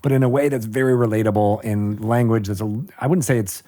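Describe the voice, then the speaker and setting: A man's voice: lowish voice, brisk, dark tone. A man hosting a podcast interview, friendly and affirming, joking with his guests. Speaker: podcast host.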